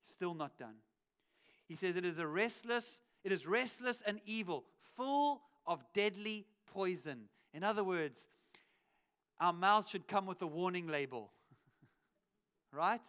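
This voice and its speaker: A man's voice: sits high, expressive, slow, a bit bright, smooth. A man preaching a sermon in a church, talking conversationally through a cheek mic, acting out quotes with wry asides. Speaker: pastor. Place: church auditorium. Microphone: cheek headset microphone.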